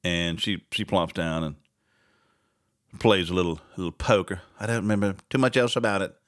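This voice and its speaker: A man's voice: deep voice, normal speed, a bit bright. A man hosting a casual talk show, rambling and sarcastic and laughing often between asides. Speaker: radio host.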